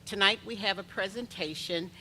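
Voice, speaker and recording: A woman, a district administrator, formally opening a presentation to a school board, soft-spoken and ceremonious, into a meeting microphone. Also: mid-range voice, normal speed, slight background noise, poor audio.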